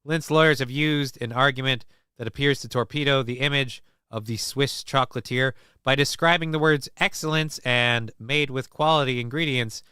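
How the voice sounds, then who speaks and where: Smooth-voiced, profane livestream host. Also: male voice, mid-range voice, bright, forceful tone, dry recording, clean studio sound. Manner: rambling, profane, self-mocking. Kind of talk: casual livestream chat.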